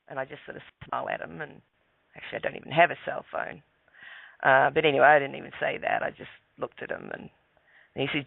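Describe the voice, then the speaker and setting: A man calling in as a guest on a radio show and telling a story casually and calmly, with many stammering restarts. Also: medium pitch, a little fast, vocal fry, no room sound. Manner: calm, relaxed, stammering restarts. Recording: tinny phone line, dry.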